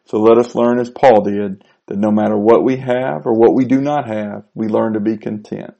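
A man preacher giving a short devotional talk, gentle and unhurried with frequent ums and uhs. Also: fairly low pitch, vocal fry, lo-fi sound.

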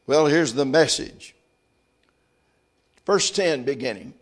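A man preaching a sermon, reading scripture aloud and then commenting on it in quieter, reflective asides. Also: a little high, unhurried.

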